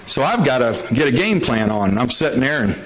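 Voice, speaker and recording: A man's voice: medium pitch, sing-song, fairly quick, a bit bright, a little hiss or hum. A middle-aged man telling a humorous recovery story to an audience in a folksy, jokey, plain-spoken way. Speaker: speaker sharing a recovery story. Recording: dull lo-fi recording.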